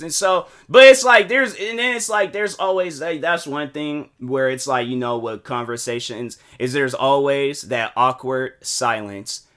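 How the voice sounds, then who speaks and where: A man's voice: medium pitch, normal speed, few pauses, bright, forceful tone, smooth. A young man hosting a solo podcast, rambling casually with slang, lots of fillers and restarts, and acting out both sides of phone calls. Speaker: podcast host.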